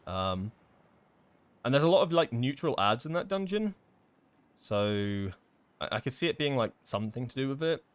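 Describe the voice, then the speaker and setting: A man's voice: mid-range voice, expressive, moderate pace, pauses often. A man live-streaming a game, chatting casually and thinking aloud, full of fillers and restarts as he answers chat questions.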